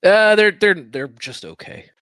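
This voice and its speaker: A man co-hosting a casual book chat, jokey and quick with pop-culture riffs. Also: high voice, lively intonation, fairly bright tone, dry recording, studio quality. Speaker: podcast co-host.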